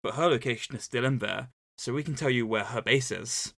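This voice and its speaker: A man voicing a young male hero who bluffs his captors in a halting, rambling way while retelling a story. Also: mid-range voice, vocal fry, a bit bright. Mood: bluffing. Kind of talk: casual retelling of a scene.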